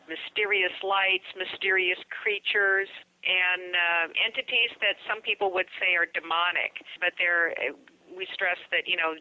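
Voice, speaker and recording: A woman speaking as a guest paranormal investigator, explaining in a measured way with frequent fillers. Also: on the low side, no room sound. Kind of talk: explanatory interview answer. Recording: dry, muffled lo-fi line.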